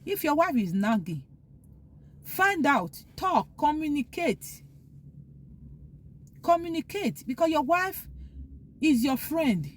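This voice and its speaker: A woman's voice: high voice, very animated, slow, long pauses, slight background noise. A woman vlogger talking earnestly, giving heartfelt advice and repeating her points for emphasis. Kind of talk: casual opinion monologue.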